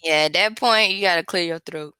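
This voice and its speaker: A woman's voice: lowish voice, fairly quick, bright, forceful tone, smooth, no echo. A woman co-hosting a podcast, chatting casually and adding wry asides. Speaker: podcast co-host. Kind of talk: casual chat.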